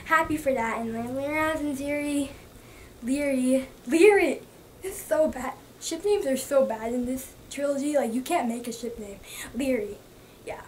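Gushing high-voiced young woman. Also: moderate pace. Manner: gushing, excitable, lots of fillers. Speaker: book vlogger. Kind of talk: casual book review. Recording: slightly distant mic with faint background noise.

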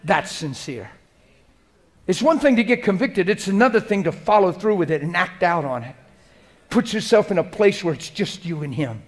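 A man with a notably high voice delivers a sermon as a preacher. He talks in a casual, emphatic way, repeats phrases for effect, and moves between loud exhortation and quiet, prayerful speech. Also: lively intonation, moderate pace.

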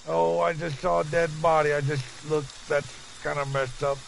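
A man's voice: on the high side, fairly quick, gravelly, a little hiss or hum, poor audio. A middle-aged man chatting casually over his gameplay, laughing often and talking to his chat and teammates. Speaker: gaming streamer.

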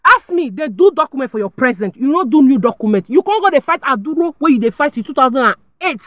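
A woman's voice: high voice, lively intonation, quick pace, a bit bright, no echo, lo-fi sound. A young adult woman with a Nigerian accent, telling a personal story to her viewers in a dramatic, emphatic way and speaking to them directly. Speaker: vlogger.

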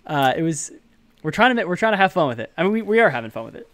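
A man's voice: a little high, big pitch swings, very fast, a bit bright, no room sound. Laid-back male podcast co-host, dry sound. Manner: laid-back, hesitant with fillers. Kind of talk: casual podcast chat.

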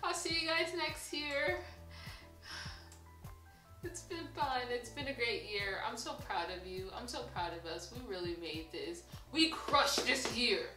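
A woman's voice: on the high side, expressive, measured pace, pushed and bright, soft background music, rough recording. A woman in her twenties chatting casually at home while getting ready, upbeat and laughing often. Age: 20s. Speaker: YouTube vlogger. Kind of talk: casual get-ready-with-me chat.

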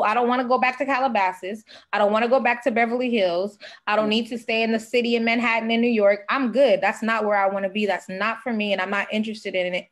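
A young woman speaking as a podcast guest, sharing an earnest personal testimony and fighting back tears. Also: medium pitch.

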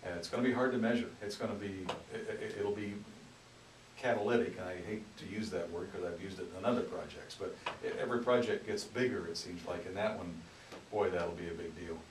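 An older man, a mayor speaking as a radio guest in a relaxed, enthusiastic way that repeats words. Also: low voice, brisk. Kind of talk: casual radio interview. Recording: roomy, distant mic with clear hiss.

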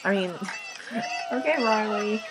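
Slow, chatty young woman. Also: mid-range voice, heavy background noise. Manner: chatty, playful, sighing over game moments. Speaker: gaming channel host. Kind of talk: casual gameplay commentary.

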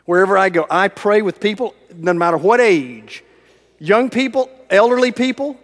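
A middle-aged man preaching a sermon in a church with a long reverb tail. His voice sits fairly high for a man, and his storytelling swings from full volume down to near whispers. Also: normal speed. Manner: dramatic storytelling that swings from loud to hushed, almost whispered. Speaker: evangelist preaching. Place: large church sanctuary.

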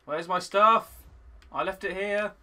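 A young man hosting a gaming video, excitable, swinging from frustrated muttering to loud shouting at the game. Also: high-pitched, measured pace. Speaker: gaming channel host. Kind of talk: let's play commentary.

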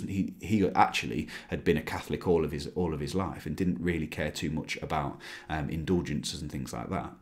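A man with a notably deep, low voice talks through a recorded history lesson for a school class. He explains step by step, pausing on filler sounds and restarting his sentences as he goes. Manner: explanatory, with frequent ums and restarts. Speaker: teacher.

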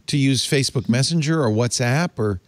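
A man's voice: medium pitch, fairly quick, dry recording. An older man hosting a casual tech panel chat, joking and asking questions. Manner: lively, joking, asks questions. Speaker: host.

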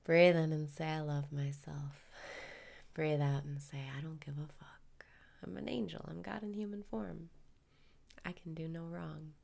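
A woman leading a guided meditation parody in a soft, calm voice that drifts into whispers. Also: deep voice, measured pace, gravelly.

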